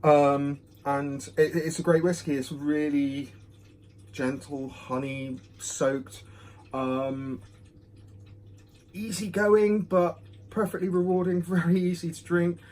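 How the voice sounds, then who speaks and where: A man's voice: a little high, steady tone, slow, a little mellow. A man giving a casual, rambling whisky review at home. He is self-deprecating and fills his talk with ums, recorded on a phone. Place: home room. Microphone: phone camera.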